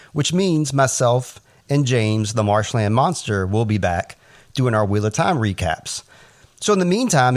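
A man co-hosting a podcast, casually recapping a TV episode in a chatty, animated way with asides. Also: medium pitch. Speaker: podcast co-host.

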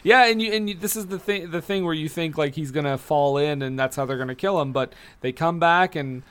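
A man's voice: on the high side, a little fast, a bit bright, clean tone. Sarcastic man riffing on a bad movie. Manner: sarcastic, swears, mock quotes. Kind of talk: casual movie review chat.

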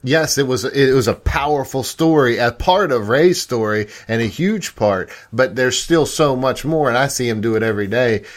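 Man hosting a warm interview. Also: mid-range voice, lively intonation, normal speed, few pauses. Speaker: podcast host. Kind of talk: casual interview chat.

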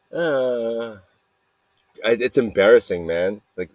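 A man's voice: mid-range voice, lively intonation, extremely slow, pauses often, darkish tone, no echo. A man talking in a casual, rambling confessional monologue, repeating himself and tossing in "man" and "dude" with plenty of swearing. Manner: rambling and repetitive, peppered with "man" and "dude", profane. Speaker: podcaster sending a voice message.

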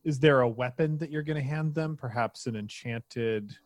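A man's voice: mid-range voice, normal speed, no room sound. A young man serving as game master, narrating and often laughing.

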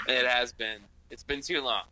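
A man co-hosting a casual radio talk show, upbeat and quick to agree and joke. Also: medium pitch, steady tone, noisy background.

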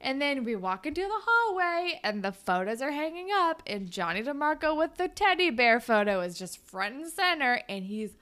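A young woman chatting casually, recapping an episode with lively energy. Her voice sits a bit high and rings bright and clear. She slips into characters' lines as she goes. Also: normal speed, few pauses. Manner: animated recapping, acting out characters' lines, often calls things stupid. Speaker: podcast co-host recapping a show. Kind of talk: casual chat.

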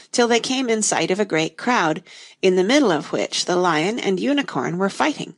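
A woman narrating a storybook aloud in a steady, expressive manner. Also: medium pitch, gravelly.

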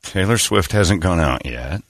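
A man co-hosting a casual comedy chat, animated and quick to joke and laugh. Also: sits low, no room sound, clean studio sound. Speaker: co-host.

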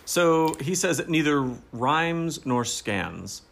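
A man chats as a podcast co-host, his voice in a middling pitch. He talks with easy enthusiasm, cracks jokes, and uses plenty of fillers like "like" and "you know.". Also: big pitch swings, takes it slowly, creaky, a bit bright. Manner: chatty, enthusiastic, joking. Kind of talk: casual chat.

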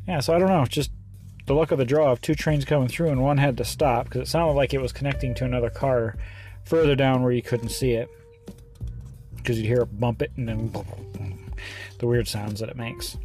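A man driving a truck, telling a rambling story in casual vlog style with halting restarts. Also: mid-range voice, a little mellow, soft background music. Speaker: truck driver. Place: truck stop.

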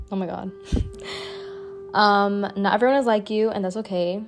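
A young woman hosts her solo podcast in a loose, unscripted ramble. She is blunt and profane, leaning on "like" between thoughts, with soft music faintly under her voice. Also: medium pitch, steady tone, unhurried, pauses often. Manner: blunt, profane, chatty with frequent "like" fillers. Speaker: podcast host. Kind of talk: casual solo podcast monologue.

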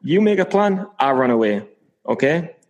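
A man's voice: a little high, sing-song, normal speed, darkish tone, lo-fi sound. Playful man in mock-dramatic chat. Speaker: podcast co-host. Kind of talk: casual chat.

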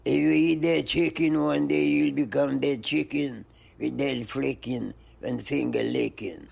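An older man, an interview guest, rambling in slow looping phrases and breaking into high-pitched animal noises. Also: steady tone, gravelly, a little mellow. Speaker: interview guest, music producer. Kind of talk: rambling stream-of-consciousness chat.

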